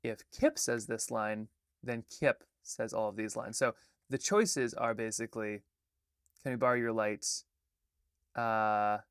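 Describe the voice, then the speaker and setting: A man's voice: on the low side, a little slow, fairly bright tone, clean tone, no room sound. Chatty man on a livestream, dry mic. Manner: rambling, chatty, apologetic, full of fillers. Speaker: artist hosting a livestream. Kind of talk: casual livestream chat and read-through.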